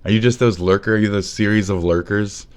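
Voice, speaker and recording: Low-voiced man on a profane rant. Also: fairly even intonation, brisk, darkish tone, clear, resonant tone. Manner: profane, rambling and sneering. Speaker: livestreamer. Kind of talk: livestream rant.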